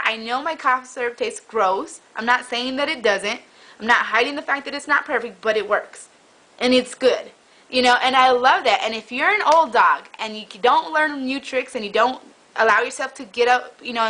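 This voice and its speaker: A young woman vlogging in casual chat, rambling through an animated story. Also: high voice, low-quality recording. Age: young adult.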